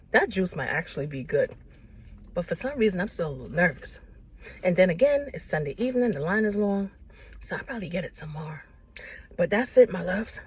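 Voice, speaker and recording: A woman food vlogger talking casually and excitedly between bites in an eating vlog, with slangy, chatty speech. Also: lowish voice, breathy edge. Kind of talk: mukbang eating vlog chat.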